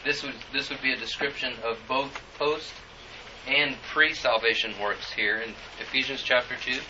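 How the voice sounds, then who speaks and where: A man preaching a sermon, reading scripture and telling a personal story in an earnest, halting way with many fillers. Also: medium pitch, steady tone, background noise. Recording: muffled, distant church recording.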